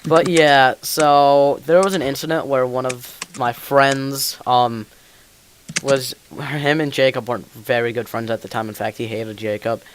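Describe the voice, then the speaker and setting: A man's voice: mid-range voice, fairly even intonation, unhurried, background noise. Rambling young man telling stories. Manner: rambling storyteller, many fillers. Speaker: podcast host. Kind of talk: casual chat while gaming.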